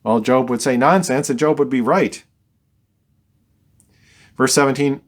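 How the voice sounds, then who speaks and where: A man's voice: mid-range voice, a little slow, pauses often. A man teaching a verse-by-verse Bible study, reading scripture and explaining it conversationally with dry, wry asides.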